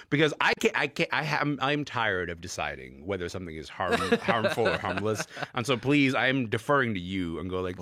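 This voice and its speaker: A male radio host leading a casual panel chat, wry and animated, often stumbling into restarts. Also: medium pitch, fairly quick, hardly any pauses, no echo, clean studio sound.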